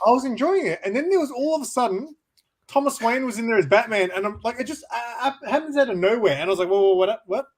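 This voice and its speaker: A man with a notably high voice chats about things he loves with real enthusiasm. He tells stories eagerly and laughs easily. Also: lively intonation, quick pace. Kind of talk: casual chat.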